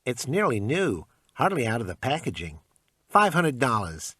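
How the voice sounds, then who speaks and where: A man's voice: mid-range voice, wildly swooping pitch, normal speed, sharp tone, slightly rough, no echo, studio quality, voice pushed up, heavily acted. A man voicing an eager, pushy male pawnshop salesman who haggles over prices in an audiobook. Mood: eager salesy. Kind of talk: audiobook character voice.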